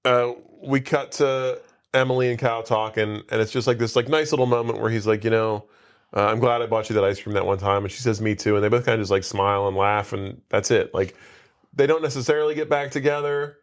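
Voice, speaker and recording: A man's voice: fairly low pitch, steady tone, brisk, clean tone. A man casually retelling a movie plot on a podcast, rambling with many asides and quoted lines. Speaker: podcast co-host. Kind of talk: casual movie recap chat.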